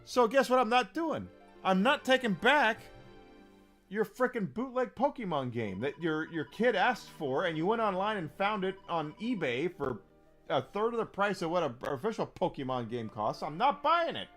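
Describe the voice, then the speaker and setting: A man's voice: high-pitched, very animated, moderate pace, fairly bright tone. Emphatic ranting man with faint music. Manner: emphatic, profane, repeats phrases for stress. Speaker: game streamer. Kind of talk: casual rant to chat.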